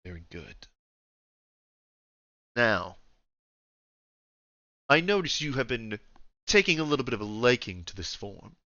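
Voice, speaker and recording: A man voicing an ancient dragon emperor in human form, refined and domineering, speaking slowly. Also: very animated, bright, forceful tone, no room sound, highs cut off. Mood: commanding. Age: older. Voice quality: deep, refined voice. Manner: slow, domineering, imperious.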